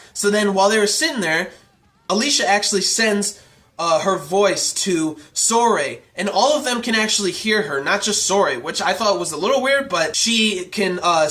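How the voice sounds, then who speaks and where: Young male reviewer, high bright voice, rambling excited plot recap. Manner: rambling, excited, filler-heavy retelling. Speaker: anime reviewer. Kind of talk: casual episode recap review.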